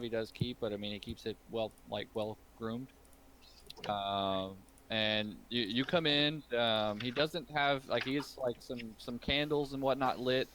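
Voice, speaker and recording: A man's voice: medium pitch, a bit bright. A man narrating as game master, rambling with lots of fillers. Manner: rambling, many fillers and restarts.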